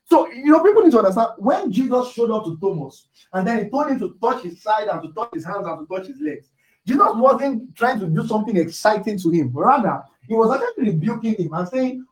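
A male preacher with a high voice delivers a forceful sermon, driving points home by repeating them and sometimes shouting. He sounds far from the microphone, and the room around him is full of echo. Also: very animated, fairly quick. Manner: emphatic, repeats key phrases, sometimes shouts. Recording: echoey room, distant mic.

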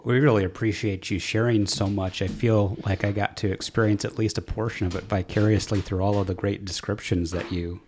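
A man's voice: lowish voice, steady tone, a little fast, hardly any pauses, darkish tone, a little hiss or hum. A man hosting a podcast, chatting casually and thanking his guest. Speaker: podcast host. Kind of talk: casual chat.

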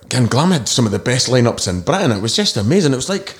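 A Scottish man in his forties, a DJ telling rambling, animated stories in a casual interview and mimicking shouts. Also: medium pitch, quick pace, slightly rough. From Scotland. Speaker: DJ guest.

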